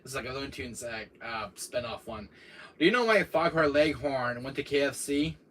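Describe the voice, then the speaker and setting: A man's voice: mid-range voice, animated, normal speed, fairly bright tone. A man hosting a casual livestream, rambling through jokes and game talk with frequent laughs and many fillers. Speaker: livestream host. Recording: distant mic with faint noise.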